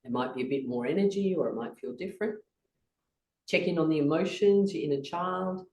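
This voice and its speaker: A woman's voice: deep voice, brisk, darkish tone, a little hiss or hum. Playful woman leading laughter yoga, roomy. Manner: playful, encouraging, guiding. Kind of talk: guided laughter yoga session. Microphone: video call. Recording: roomy, distant from the mic.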